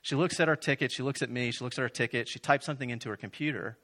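A man's voice: mid-range voice, racing, pushed and bright. A young man from Florida telling a comic story on stage and acting out both sides of the conversations in it. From Florida, USA. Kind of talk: stand-up storytelling.

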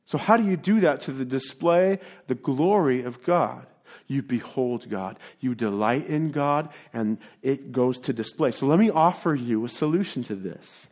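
A man preaching a sermon in an earnest way, dropping into quiet asides and then building to emphatic, rising points. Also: medium pitch, lively intonation, normal speed. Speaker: pastor.

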